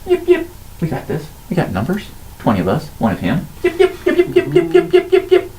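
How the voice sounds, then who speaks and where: Man voicing a foot-tall male kobold, shrill rapid yips, cocky but nervous, tabletop game voice. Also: huge pitch swings, a little mellow, exaggerated voice. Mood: boastful. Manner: rapid high yipping barks.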